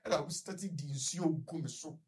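Husky Ghanaian man telling his story. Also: on the high side, a little mellow. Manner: halting, rambling, many fillers and restarts. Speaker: guest recounting his experience. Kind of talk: personal story on a radio talk show, code-switching.

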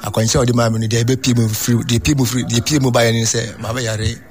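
A man in his fifties speaks quickly at an ordinary pitch, telling his story as an interview guest. He sounds earnest and insistent and repeats his key phrases to drive them home. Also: level tone. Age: 50s. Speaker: guest giving a testimony. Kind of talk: casual spoken testimony.

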